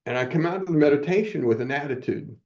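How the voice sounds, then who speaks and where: A man's voice: on the high side, expressive, fast, a little mellow, muffled recording. A man in his seventies telling personal stories as a podcast guest, motivational and acting out quoted dialogue. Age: 70s. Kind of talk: personal storytelling in a podcast interview.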